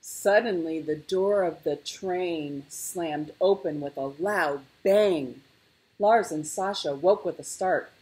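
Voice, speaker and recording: A woman reading a children's picture book aloud, expressive and measured. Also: on the low side. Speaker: storyteller.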